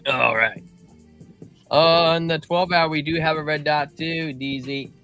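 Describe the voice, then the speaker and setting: Bright-voiced man with faint music. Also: on the high side, slow, muffled recording. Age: adult father of a young child. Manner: loose, slangy, excitable, calls listeners man and bro. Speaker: crypto livestream host. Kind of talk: casual market chart commentary.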